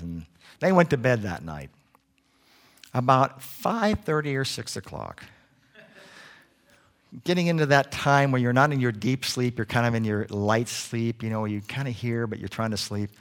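A man preaching a sermon, telling a story in an animated way. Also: medium pitch. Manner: animated storyteller doing voices.

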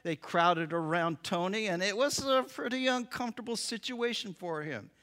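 A man preaching, telling a story with lively acted-out voices. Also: high-pitched, normal speed. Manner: animated, acts out voices in the story. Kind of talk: sermon storytelling.

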